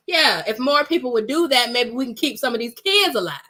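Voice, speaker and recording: A woman's voice: a little high, a little fast, few pauses. Blunt, emphatic woman telling a story. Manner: blunt, emphatic, swears freely; lively, dramatic retelling. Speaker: vlogger. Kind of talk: casual storytelling vlog.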